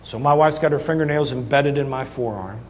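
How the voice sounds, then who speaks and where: A middle-aged man preaching a sermon, telling a humorous story in an animated, folksy way that swings between loud punchlines and soft asides. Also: mid-range voice, a little fast, a little hiss or hum. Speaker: pastor. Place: church sanctuary. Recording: reverberant church hall, faint ambience.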